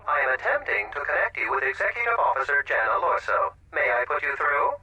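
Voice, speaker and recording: Man doing a polite office droid, formal, chipper, high and bright. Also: big pitch swings, quick pace, distant mic, heavily acted, low-quality recording. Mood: courteous. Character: polite male administrative droid.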